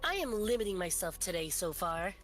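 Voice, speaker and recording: A woman guest on a game stream, rambling through goofy stories and quick asides. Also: on the low side, sing-song, a bit bright, soft background music. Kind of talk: casual chat while gaming.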